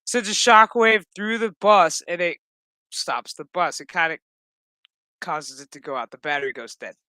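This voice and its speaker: This is a man with a high, bright, forceful voice, recorded dry and close with no room sound. He recaps a TV episode in a loose, profane rant. His asides are blunt, sarcastic and exasperated. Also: moderate pace, no echo. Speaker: show recap YouTuber.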